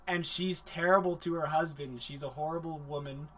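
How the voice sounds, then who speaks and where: A man hosting a livestream anime review, recapping the plot in a rambling, profane, animated way. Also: fairly high pitch, normal speed.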